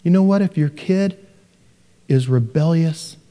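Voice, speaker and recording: A middle-aged man preaching a sermon, animated and joking, who mimics parents in a soft sing-song voice. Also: on the high side, measured pace. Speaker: pastor. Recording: long hall reverb.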